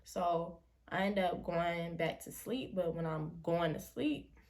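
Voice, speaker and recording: A woman's voice: fairly low pitch, slow. A young woman vlogger casually telling a personal story in slangy speech, acting out the voices of the people in it. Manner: slangy, animated retelling with quoted voices.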